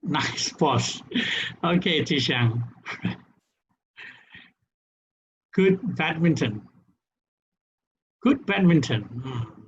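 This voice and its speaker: A man with a Malaysian English accent teaches an online English class, his high voice rising and falling in a lively way. He keeps asking "right?" to check the class is following. The webinar audio is dull and lo-fi. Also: very slow, pauses often. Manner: lively, tag questions "right?" after each point. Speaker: English trainer. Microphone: webinar computer mic.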